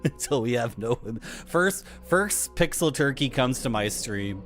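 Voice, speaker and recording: A man's voice: medium pitch, lively intonation, unhurried, hardly any pauses, a bit bright. A man streaming a video game, chatting casually, swearing and teasing his chat. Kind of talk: casual gameplay commentary. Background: game music.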